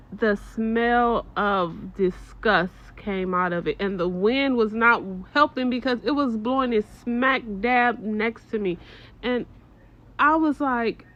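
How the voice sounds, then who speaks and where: Slow-talking animated storytelling woman. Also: a little high, muffled recording. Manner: animated, swears, exaggerated disgust. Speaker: vlogger telling a story. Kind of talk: casual storytime monologue.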